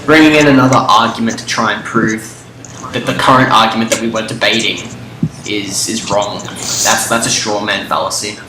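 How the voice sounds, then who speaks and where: A man's voice: lowish voice, steady tone, normal speed. A young man in casual debate chat, arguing his points firmly and swearing freely, often cutting in on his friend. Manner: argumentative, profane, interrupts often. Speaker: co-host debating game lore. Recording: roomy echo with clear background noise.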